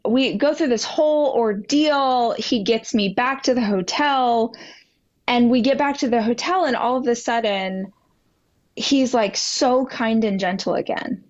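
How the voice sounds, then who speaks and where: Woman guest on a podcast, tells it big and dramatic, voice a bit high, kinda muffled audio. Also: measured pace. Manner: animated, acts out dialogue with dramatic pitch jumps. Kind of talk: candid storytelling in a podcast interview.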